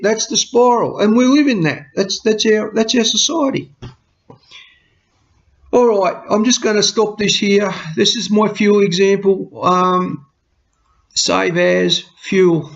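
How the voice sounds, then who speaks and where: A man with a high, creaky voice gives a casual, earnest talk to camera about budgeting from his home. He's a vlogger whose homely delivery tends to ramble, and the lo-fi sound is slightly muffled.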